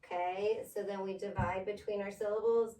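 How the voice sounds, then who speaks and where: A woman's voice: mid-range voice, fairly even intonation, normal speed, mellow, distant mic. A woman tutoring a pupil in phonics, patiently spelling words out letter by letter. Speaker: reading tutor. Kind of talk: one-on-one phonics lesson. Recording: echoey room, voice off-mic.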